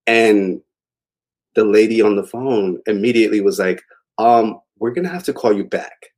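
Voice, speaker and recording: A man's voice: fairly low pitch, moderate pace, a little mellow. A young adult man telling a long personal story in a casual, rambling way, with many fillers. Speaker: interview guest.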